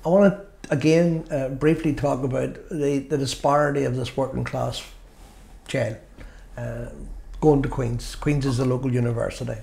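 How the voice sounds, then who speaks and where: A man with a Belfast accent, hosting an interview and putting questions in a measured, halting way. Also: medium pitch, steady tone, gravelly, mellow. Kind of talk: conversational interview.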